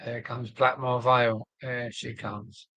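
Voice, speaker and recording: Older southern english host, slow rambling live-stream chat, dry close sound. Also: male voice, medium pitch, level tone, bright, forceful tone, no room sound, dull audio. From southern England. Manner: rambling, chuckling, reading viewer comments aloud. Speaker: model railway live streamer. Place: home loft.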